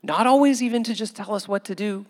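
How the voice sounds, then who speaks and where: A man preaching a conversational sermon as pastor, chuckling often and building to loud, animated bursts. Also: high voice, fast, big-room sound.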